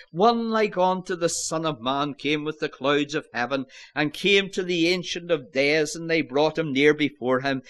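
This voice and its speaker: A man preaching a sermon, slowly reading and explaining scripture and asking his listeners direct questions. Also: fairly high pitch, a bit bright. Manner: slow, measured preaching with scripture quotes.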